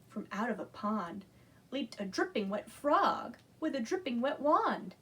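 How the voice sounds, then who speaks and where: A woman librarian reading a picture book aloud to children, animated, inviting them to join in. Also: fairly high pitch, measured pace, a little hiss or hum.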